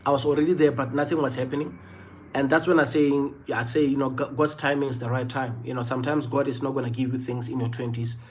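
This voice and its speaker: A South African man in his thirties hosts a livestream, earnestly recounting a personal story, often repeating phrases and leaning on "you know." His medium-pitched voice stays fairly even and moves at a quick pace, with slight background noise.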